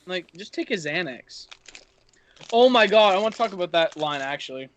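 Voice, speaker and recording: A man co-hosting a podcast, retelling film scenes in animated casual chat, swearing and calling his friends bro. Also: high-pitched, moderate pace, crowd noise. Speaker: podcast co-host.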